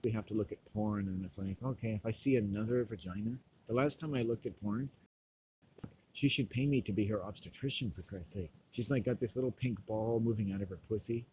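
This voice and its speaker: A stoned man delivering a rambling, profane monologue, loud and laughing often. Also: lowish voice, a little fast, background noise. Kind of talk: profane ranting monologue to camera.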